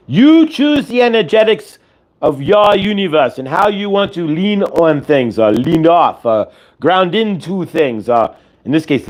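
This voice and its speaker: A man hosting a show, giving a channeled spiritual teaching that speaks as "we" and circles back to repeat its points. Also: a little high. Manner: speaks as a collective "we", repetitive and instructive.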